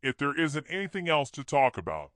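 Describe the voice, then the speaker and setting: A man's voice: fairly high pitch, sing-song, a little fast, a bit bright, dry recording, clean studio sound, voice pushed up. A man putting on a mocking scheming woman. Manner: mocking, giggly.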